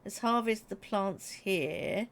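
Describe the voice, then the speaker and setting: A woman's voice: medium pitch, slow. A middle-aged woman streaming a game, chatting casually and giggling as she reads chat, with a slightly froggy throat. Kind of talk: casual live-stream chat while playing.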